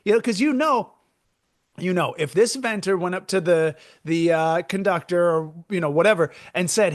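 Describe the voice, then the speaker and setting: A man co-hosting a comedy podcast, telling stories in an excitable, ranting way with stammering restarts. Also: sits high, measured pace, dry recording, clean studio sound. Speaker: podcast co-host. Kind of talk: comedic rant.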